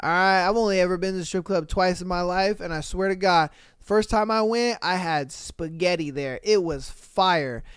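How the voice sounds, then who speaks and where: A podcast host reading listener comments aloud in a casual, animated, slangy way, laughing and swearing often. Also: mid-range voice, normal speed, clear, resonant tone, dry recording, clean studio sound.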